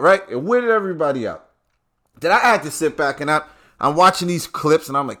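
A man's voice: fairly high pitch, sing-song, normal speed, pauses often, fairly bright tone. A man delivering a casual, profane rant to his viewers in street slang.

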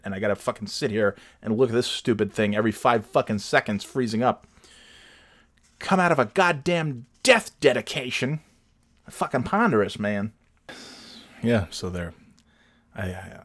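A man's voice: on the low side, no room sound. Profane, rambling man podcasting at home. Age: adult with children. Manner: rambling, profane, self-deprecating. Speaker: podcast host. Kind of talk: casual solo podcast storytelling. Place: home recording setup.

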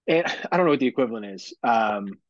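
A man hosting a podcast, telling a profane, animated story about his kids in casual chat. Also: mid-range voice, fast, no room sound. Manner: profane, animated storytelling with mock-dramatic quotes. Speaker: podcast host. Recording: dull lo-fi podcast audio.

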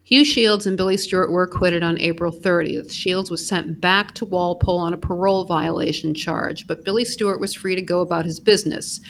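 A woman's voice: on the low side, steady tone, fairly quick, creaky, few pauses, slight background noise, low-quality recording. A woman co-hosting a podcast, narrating scripted true crime with dry, blunt asides. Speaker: podcast co-host.

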